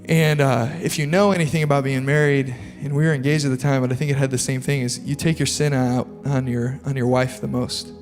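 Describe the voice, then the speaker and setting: A man's voice: medium pitch, flat delivery, brisk, hardly any pauses. A young man, a pastor, telling a personal story in a sermon and building into earnest, impassioned preaching. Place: large church auditorium. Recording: live church hall reverb with soft music.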